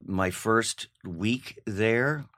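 An older man telling an animated anecdote as a guest, laughing at his own story. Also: on the low side, drawn-out words, music in the background. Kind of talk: casual anecdote.

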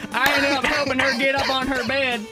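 A man putting on a high-pitched hillbilly with a twang, stumbling through a letter he reads aloud. Loud music plays behind him throughout. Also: little pitch movement. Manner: halting reading, stumbles and giggles.

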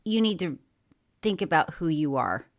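Lively, laughing woman podcast co-host. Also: low voice, normal speed. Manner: laughs often, reads listener mail aloud. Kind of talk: casual chat.

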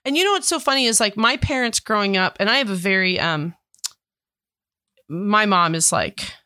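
Woman, 30s, podcast co-host, lively storyteller, mid pitch, dry studio sound. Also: moderate pace, dry recording. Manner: animated storyteller, acts out quoted voices. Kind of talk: casual chat.

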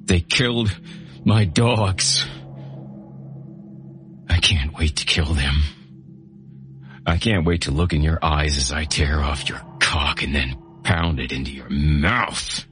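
A man with an extremely low, deep voice narrates a horror audiobook. His first-person delivery is gritty and menacing, and soft music plays under him. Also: unhurried. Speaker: host and narrator.

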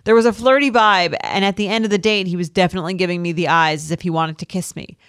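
A woman's voice: lowish voice, fairly even intonation, quick pace, fairly bright tone, dry recording, studio quality. A woman co-hosting a casual dating podcast, chatting and reading out listener emails. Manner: chatty, laughs easily. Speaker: podcast co-host.

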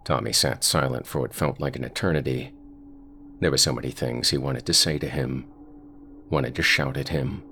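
A man reading scripted horror narration in a slow, brooding storytelling manner. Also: a bass voice, pushed and bright, a little hiss or hum.

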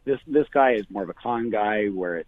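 A bar owner talking casually on the phone, full of fillers and restarts. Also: male voice, on the low side, normal speed, slight background noise. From Canada. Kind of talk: phone interview. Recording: tinny phone line.

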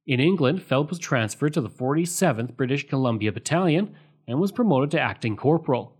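A man hosting a history podcast, reading a scripted narration in a measured way and reading out sources marked with quote and end quote. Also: medium pitch, lively intonation, slightly rough.

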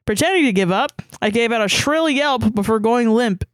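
A woman's voice: a little high, animated, moderate pace, no echo, studio quality. A woman co-hosting a comedy podcast, reading a fanfiction story aloud with playful asides. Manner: reads with playful asides and laughs. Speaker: podcast co-host.

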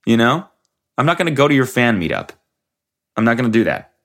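Here a young podcast host rambles on his own while ill, using a mid-range voice with big swings in pitch and a brisk pace. His talk is loose and profane, and he keeps losing the thread and restarting.

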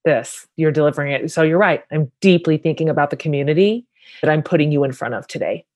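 A woman's voice: sits low, quick pace, darkish tone. A woman hosting an interview, responding reflectively to her guest. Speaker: interview host. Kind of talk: conversational interview.

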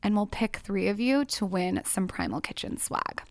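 A woman's voice: mid-range voice, very animated, normal speed, no echo, clean studio sound. Chatty bubbly woman podcast co-host. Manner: chatty, bubbly, says "like" often. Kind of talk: casual podcast chat.

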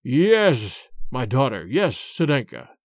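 A man voicing a pale old father back from the dead, speaking slowly and sternly. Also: medium pitch, sing-song, dry recording, studio quality, voice pushed down.

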